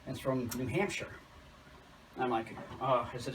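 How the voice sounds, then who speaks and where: A man working as a chimney sweep, chatting casually and telling animated anecdotes while he explains the job, recorded from a distance with outdoor noise behind. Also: medium pitch, a little slow.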